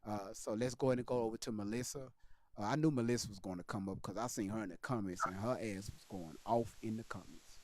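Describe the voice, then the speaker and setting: A man's voice: on the low side, fast talker, background noise. A man hosting a casual livestream call, talking loosely and repeating himself as he manages callers. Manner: loose, repetitive, talks over guests. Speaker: livestream host.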